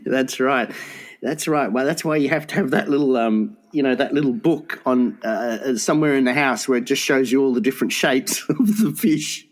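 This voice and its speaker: A man's voice: mid-range voice, moderate pace. A man, cohosting a comedy podcast, chiming in with short reactions and dry, rambling riffs. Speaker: podcast co-host. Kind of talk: casual comedic banter.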